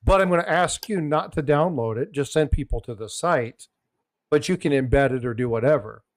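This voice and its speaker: A man's voice: fairly high pitch, normal speed, no room sound. Guy hosting a coin chat, rambles n restarts a lot, dry mic. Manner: rambling joke-telling, many restarts. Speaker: coin channel host. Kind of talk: casual chat.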